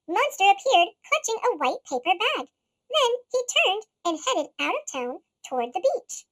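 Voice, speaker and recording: A storybook reader altered by a sped-up chipmunk pitch shift, reading a children's picture book slowly and expressively and shouting the characters' lines. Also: very animated.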